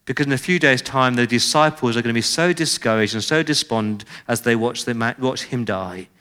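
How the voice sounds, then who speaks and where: A man preaching a sermon in church, expressive, with dramatic swings in loudness and pitch, and he slows down on key phrases. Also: smooth. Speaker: pastor.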